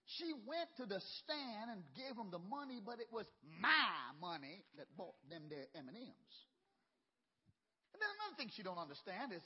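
A man's voice: high voice, very animated, normal speed, breathy edge. A pastor preaching a sermon, telling a story and building his points with rhythmic repetition and emphatic bursts. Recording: dull lo-fi sermon recording.

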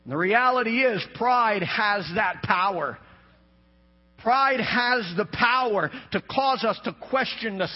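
A man pastor delivering a sermon, climbing into shouts and dropping to low, emphatic asides, on a dull lo-fi recording. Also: husky.

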